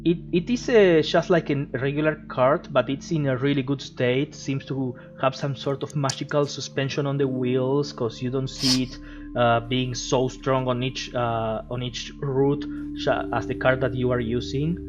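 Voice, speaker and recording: A man's voice: mid-range voice, steady tone, moderate pace. A man narrating a tabletop game as game master, describing the scene in a rambling way with many fillers. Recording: dull lo-fi with music behind.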